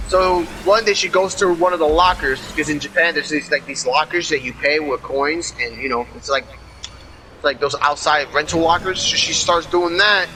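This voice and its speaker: A man's voice: on the high side, pushed and bright, slight background noise, rough recording. A young man chatting casually while gaming online, retelling a story in a rambling, profane way and often restarting his sentences. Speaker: gamer in an online racing session. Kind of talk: casual chat over game audio, retelling a story.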